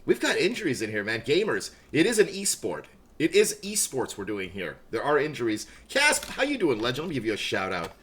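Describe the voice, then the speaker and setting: A man's voice: mid-range voice, wildly swooping pitch, brisk, a bit bright. A middle-aged man chatting casually on a live stream, self-mocking and laughing often.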